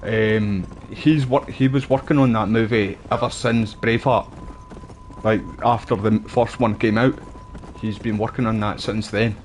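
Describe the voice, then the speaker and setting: Chatty Scottish man, low voice. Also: fairly even intonation, a little slow, slight background noise. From Scotland. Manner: rambling, chatty, uses local slang. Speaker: streamer. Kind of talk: casual gameplay chat.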